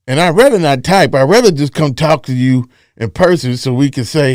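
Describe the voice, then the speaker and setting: A man's voice: fairly high pitch, a little fast, few pauses, darkish tone, no room sound, studio quality. Loose, rambling male talk-show host. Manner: loose, rambling, repeats phrases for emphasis. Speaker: podcast host. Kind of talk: casual talk-show chat.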